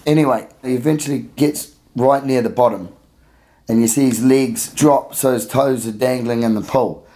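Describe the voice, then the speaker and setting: A man's voice: mid-range voice, normal speed. A man telling a funny story in casual conversation, laughing and acting out the people in it. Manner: animated, laughing storyteller who acts out voices. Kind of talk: casual storytelling in a podcast chat.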